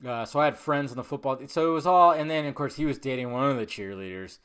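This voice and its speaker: A middle-aged man hosting a podcast, telling a rambling, animated personal story with lots of swearing and acted-out quotes. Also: medium pitch, fast, clean tone. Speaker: podcast host. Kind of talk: casual storytelling monologue.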